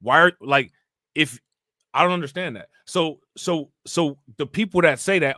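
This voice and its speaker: Male streamer host, bright edgy tone, animated slangy rant, dry close mic. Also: a little high, moderate pace, no echo. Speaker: livestream host reacting to news. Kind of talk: casual livestream commentary.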